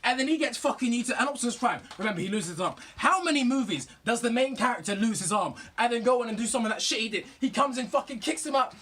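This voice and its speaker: A young man gushing about movies in a profane, rambling, excited rant. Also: very high voice, fast talker, hardly any pauses, a little hiss or hum. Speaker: vlogger.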